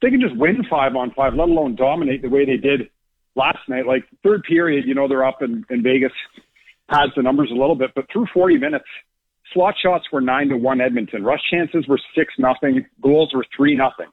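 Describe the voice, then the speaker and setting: A man's voice: medium pitch, lively intonation, a little fast, husky, no echo. A man calling in as a hockey analytics analyst, explaining stats thoughtfully with hesitant restarts. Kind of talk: call-in sports analysis. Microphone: phone. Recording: phone line.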